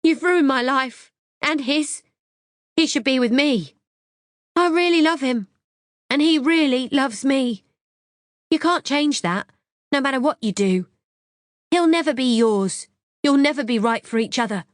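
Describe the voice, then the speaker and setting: Brief: narrator playing a raging, heartbroken young woman in a storybook thriller, shrill and strained. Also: a little slow, long pauses, dry recording, clean studio sound. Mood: furious. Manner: shrill screaming accusations.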